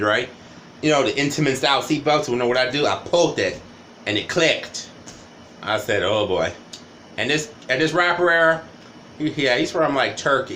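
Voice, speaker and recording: A man's voice: medium pitch, sharp tone, slight background noise. Rambling man telling a coaster story. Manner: rambling, repeats "right?" and "you know". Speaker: vlogger. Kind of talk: casual storytime monologue.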